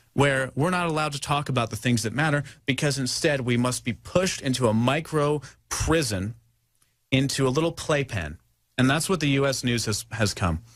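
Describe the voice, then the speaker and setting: A young man hosting a talk show, rambling and mocking as he talks, now and then mimicking others in a high voice. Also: a bit bright, no echo, clean studio sound. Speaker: show host. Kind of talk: animated talk-show monologue.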